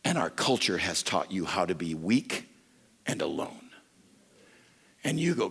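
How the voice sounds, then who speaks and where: A man preaching a sermon to a men's retreat, telling stories with lively acted-out voices. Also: low voice, unhurried, long pauses, slightly rough. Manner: animated storytelling preacher, acts out voices. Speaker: pastor.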